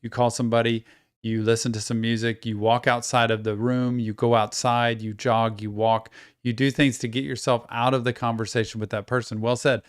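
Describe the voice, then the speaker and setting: A man's voice: mid-range voice, level tone, brisk, clear, resonant tone, dry recording, clean studio sound. A man hosting a reaction video, giving thoughtful, explanatory commentary in a counselor-like way. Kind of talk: casual commentary.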